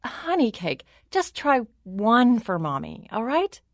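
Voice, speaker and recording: Lady putting on a sweet high wheedling storybook queen, all coaxing, voice swooping around. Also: sing-song, a little slow, dry recording, clean studio sound. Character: fretful doting middle-aged queen mother.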